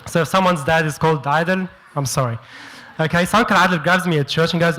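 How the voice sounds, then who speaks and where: A man, doing stand-up comedy storytelling in an animated way and mimicking his relatives in quick quoted voices. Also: fairly high pitch, low-quality recording. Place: stage before a live audience.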